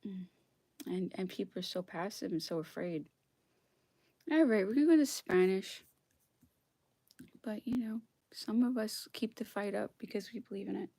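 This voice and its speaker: Her voice gravelly yet mellow and medium in pitch, a woman vlogger reads history aloud at a normal speed in an emotional solo monologue, dropping into whispers and close to tears. The recording is dry.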